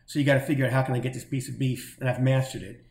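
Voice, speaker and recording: A middle-aged man telling a long story in a casual, animated way and acting out the voices of the people in it. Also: mid-range voice, rapid-fire, echoey room. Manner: animated, acts out quoted voices. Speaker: guest telling stories.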